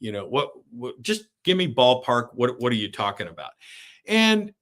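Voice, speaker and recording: A middle-aged man leads a live online coaching session in a voice of ordinary, middle pitch. He keeps checking in with the listeners by ending his points with "right?", and he stumbles through fillers and restarts as he explains. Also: sing-song, moderate pace, a bit bright. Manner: tags sentences with "right?", many fillers and restarts. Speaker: career coach hosting a live webinar.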